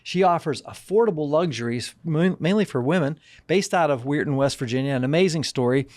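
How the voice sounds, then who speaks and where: A man hosting a podcast interview, encouraging his guest with quick affirmations. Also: fairly high pitch, expressive, a little mellow. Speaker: podcast host. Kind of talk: casual interview chat.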